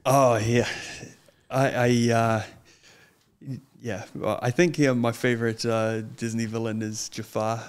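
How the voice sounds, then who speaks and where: A young man, a guest chatting casually in an interview, earnest and hesitant, often pausing with ums. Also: medium pitch, flat delivery, clean tone. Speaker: guest, lawyer and wrestler.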